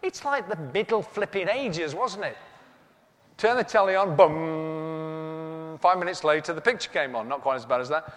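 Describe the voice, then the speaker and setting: A man preaches while telling a comic story, acting out the dialogue in a self-mocking way. His voice is a little high and a bit bright at a moderate pace, captured in an echoey hall with long reverb.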